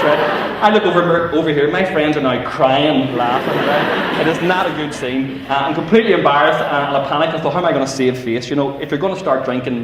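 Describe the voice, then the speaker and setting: A man's voice: on the high side, noisy background. Northern Irish man, echoey hall. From Northern Ireland. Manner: storytelling with acted-out voices and asides. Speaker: youth speaker. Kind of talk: humorous talk to teenagers. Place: large civic hall.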